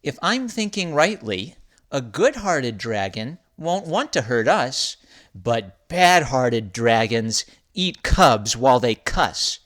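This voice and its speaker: A man's voice: big pitch swings, takes it slowly. A man voicing a small, polite girl bear cub who speaks up in class in a storybook reading. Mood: eager. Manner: high, bright, eager child voice.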